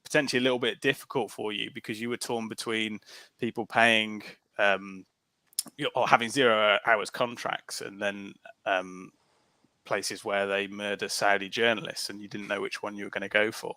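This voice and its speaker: A man with a Black Country accent hosts the podcast, his voice bright and pressed. He hesitates a lot, with ums and false starts. The sound is dry and close. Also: lowish voice, flat delivery, moderate pace, no echo. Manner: hesitant, many ums and restarts. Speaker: podcast host. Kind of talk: podcast interview.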